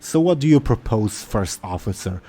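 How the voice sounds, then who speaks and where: A hot-headed young orc captain, curt and scornful, as a man puts her on. Low, mellow delivery with faint music behind. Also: animated, moderate pace, husky.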